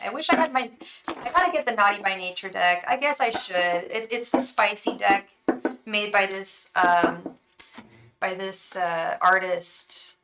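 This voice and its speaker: A young woman giving live tarot readings, chatting effusively with many ums and restarts and softly repeating incantations. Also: mid-range voice, a little slow, heavy background noise. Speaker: tarot reader and psychic.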